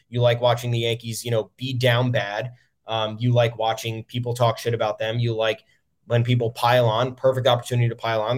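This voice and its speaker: A man hosting a solo sports podcast, talking in a frustrated, profane, rambling way with many ums. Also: medium pitch. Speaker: podcast host.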